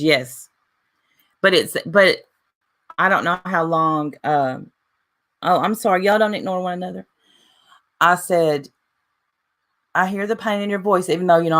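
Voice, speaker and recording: A woman with a notably low yet bright, forceful voice talks straight to her viewers in a casual vlog. She retells an argument line by line, switching between "I said" and "she said" and reading messages out loud. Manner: retelling a dispute with repeated "I said, she said"; reads out messages aloud. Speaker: YouTuber.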